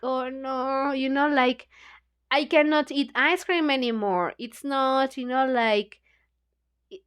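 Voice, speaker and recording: Book club host, woman, native Spanish speaker: slow, high voice, casual retelling full of "you know, like.". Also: fairly bright tone. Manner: retells the story loosely with many "you know, like" fillers.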